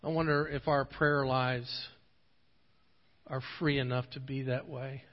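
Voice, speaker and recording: A man preaching a sermon, at times pleading with rising intensity, at times telling a relaxed story. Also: mid-range voice, unhurried. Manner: passionate, swelling to pleading intensity in prayer passages. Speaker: pastor. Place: church sanctuary. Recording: dull audio with long hall reverb.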